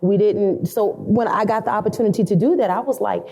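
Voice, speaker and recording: On a storytelling podcast interview, this middle-aged woman, a salon educator, reflects earnestly and uses repetition to develop her ideas. She speaks briskly in a mid-range voice with a dark tone.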